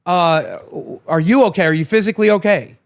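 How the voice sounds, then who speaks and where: Man, high voice, profane, emotional, sleep-deprived, live-stream chat. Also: fairly quick. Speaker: streamer co-host.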